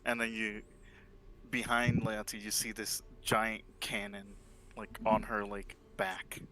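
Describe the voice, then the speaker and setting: A man runs a tabletop game, narrating slowly and stopping to restart his sentences. His voice is low yet bright, with a faint hiss behind it. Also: flat delivery. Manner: loose and halting, restarts mid-sentence. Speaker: game master.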